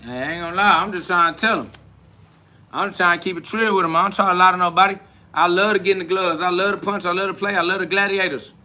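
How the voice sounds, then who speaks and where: A man's voice: high voice, steady tone, quick pace, pushed and bright. A man hosting a live stream, boasting and trash-talking in a preachy, repetitive way, answering viewers' comments.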